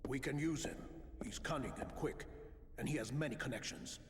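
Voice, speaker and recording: A man's voice: medium pitch, normal speed, background noise, lightly acted. An actor playing a stern male lord in a video game cutscene, curt and authoritative. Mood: commanding. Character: stern male lord commanding his agents. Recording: long reverb.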